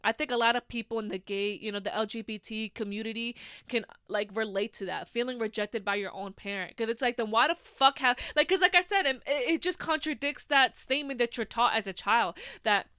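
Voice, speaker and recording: A woman's voice: fairly high pitch, fairly quick, few pauses, bright, forceful tone, clear, resonant tone, no echo, studio quality. A woman in her twenties hosting a solo podcast, talking frankly and with a lot of swearing and "like" fillers. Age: 20s. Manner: frank and heavily profane, full of "like" fillers. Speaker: podcast host. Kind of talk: candid solo podcast monologue.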